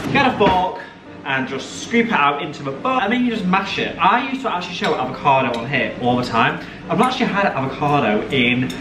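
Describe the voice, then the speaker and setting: A man's voice: medium pitch, background noise. A young man chatting playfully to the camera while cooking in his home kitchen for a food vlog. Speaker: vlogger. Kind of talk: casual food vlog chat. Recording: roomy, distant, over background music.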